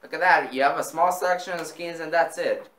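A man in casual gaming banter, excitable, swearing often and repeating himself while he plays. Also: a little high, a little fast, reverberant. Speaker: gamer.

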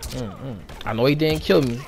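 A man giving excited play-by-play commentary as he plays a fighting game, groaning and exclaiming at every hit. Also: medium pitch, brisk, slight background noise. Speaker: gaming channel host. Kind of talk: live gameplay commentary.

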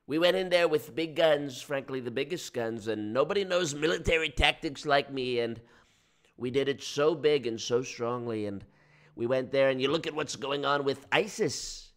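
A man's voice: medium pitch, moderate pace, voice pushed up, lightly acted. A man putting on the voice of a boastful, blustering older politician who brags in repetitive superlatives.

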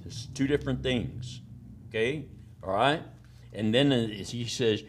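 A man's voice: medium pitch, moderate pace, pauses often. Folksy country preacher man, calling "amen?". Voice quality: plain country-boy way of talking. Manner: folksy, repeats "amen?" and "all right?" to the congregation. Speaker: pastor. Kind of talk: sermon.

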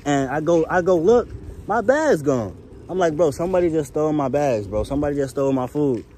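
A man's voice: a little high, expressive, fairly quick, darkish tone. A young man, telling a story to camera in a rambling, laid-back way with many restarts and "you feel me" checks. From Chicago. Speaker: vlogger. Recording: faint background noise.

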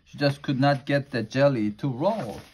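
A man reading a children's storybook aloud in a plain, unhurried way, slowing down for effect. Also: medium pitch, a little mellow, slightly rough. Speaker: storybook reader.

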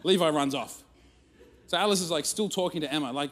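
A man preaching at church, telling a funny family story in an animated, self-mocking way. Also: fairly high pitch, brisk. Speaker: guest speaker. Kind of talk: storytelling sermon. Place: church auditorium. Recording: long reverb of a church hall.

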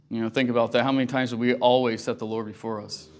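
Speaking fast with few pauses, a man with a mid-range voice and flat delivery leads a church Sunday school class. It's casual Bible teaching, earnest and conversational, peppered with "you know."

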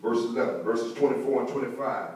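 A man's voice: mid-range voice, brisk, darkish tone, recorded from a distance. Preaching man in an echoey church. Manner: rhythmic preaching, calls for congregation responses. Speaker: pastor. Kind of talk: sermon. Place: church sanctuary. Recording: echoey church hall, mic from afar.

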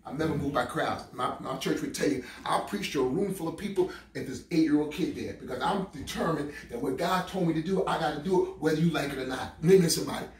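A man preaching a sermon in a church, repeating his phrases, drawing answers from the congregation and breaking into shouts. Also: fairly high pitch, fast talker, hardly any pauses. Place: church sanctuary. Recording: echoey room, mic far off.

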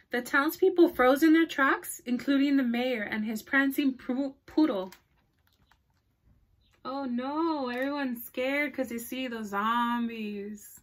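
A woman children's librarian reads a picture book aloud at storytime, her voice sitting a little high. She talks in a chatty way, pausing to ask her young listeners questions and laughing along as she goes. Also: fairly bright tone.

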